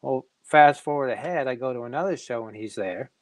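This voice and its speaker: A middle-aged man, a comic creator, telling casual anecdotes in an animated way and acting out other people's voices. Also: medium pitch, a little fast, no room sound, rough recording. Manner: animated, acts out quoted voices.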